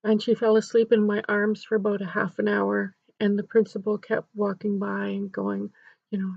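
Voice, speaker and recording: A woman's voice: medium pitch, little pitch movement, moderate pace, vocal fry, dry recording. A woman counselor earnestly telling a story about helping a grieving child, in an instructional video. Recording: dull, dry recording.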